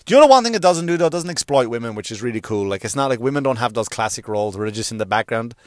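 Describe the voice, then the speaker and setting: A middle-aged man doing a stand-up monologue, swearing freely and jumping into high voices to act out characters. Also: very fast, no room sound, studio quality. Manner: animated, swearing, acts out characters with sudden pitch jumps. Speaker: stand-up comedian.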